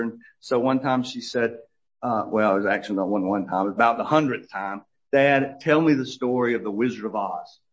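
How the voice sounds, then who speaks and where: A middle-aged man giving a conversational Bible teaching as a church teacher, telling stories with many fillers and restarts. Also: medium pitch. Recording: dull lo-fi recording.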